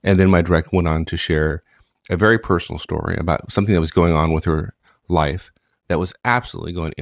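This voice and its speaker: A man co-hosting a casual chat, telling a management story with animated repetition. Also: low-pitched, vocal fry, no echo, studio quality. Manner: animated, repeats phrases. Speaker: co-host, manager.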